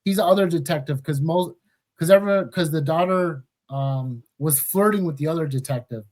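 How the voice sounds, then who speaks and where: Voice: mid-range voice, moderate pace, darkish tone. A podcast host recapping a film in casual chat, swearing freely and laughing often.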